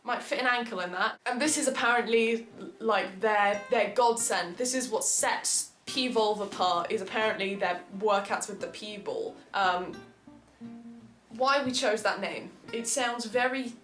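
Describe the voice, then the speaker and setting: A woman in her twenties vlogs casually from a home room mid-workout, out of breath, her medium-pitched, slightly bright voice unhurried. The room is reverberant with soft music in the background, and she's chatty, self-mocking, and laughs often.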